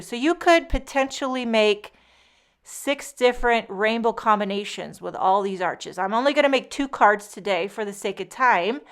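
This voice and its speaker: Narrating a relaxed papercraft tutorial on card making, this woman chats freely and tosses in jokes along the way. Her voice sits on the high side, fairly bright, clear and resonant.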